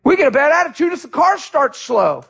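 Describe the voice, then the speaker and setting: A middle-aged male pastor preaching a sermon with passion, swinging from shouts to quiet, heartfelt talk. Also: extremely high pitch, very animated, fairly quick, vocal fry.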